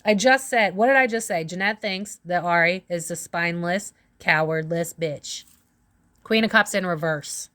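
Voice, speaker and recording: A woman's voice: fairly low pitch, no room sound, studio quality. Blunt, foul-mouthed woman tarot reader. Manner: blunt and profane, quick swings into loud exclamations. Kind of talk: casual tarot reading to camera.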